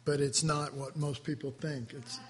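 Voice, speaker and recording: A male preacher giving a sermon, slow and emotional, drawing out his words as he is moved to his core. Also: medium pitch, fairly even intonation, slight background noise. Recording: reverberant hall, faint ambience.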